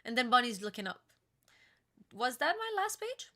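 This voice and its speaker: A young woman reading comic pages aloud in a casual reaction chat, halting with many fillers and restarts. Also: a little high, very animated, bright, forceful tone. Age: young adult. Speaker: co-host reacting to a comic chapter.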